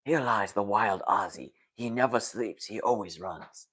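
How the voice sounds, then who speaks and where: A man doing a hushed nature documentary narrator, whispered role-play. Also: on the low side, slightly rough, pitched below the performer's own voice. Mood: solemn. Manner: slow, solemn, hushed.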